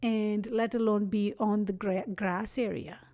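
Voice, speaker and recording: A woman's voice: medium pitch, fairly even intonation, measured pace, warm tone. A middle-aged woman from India, telling her personal story as a podcast guest in an earnest, heartfelt way, with frequent restarts. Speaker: guest, provincial politician.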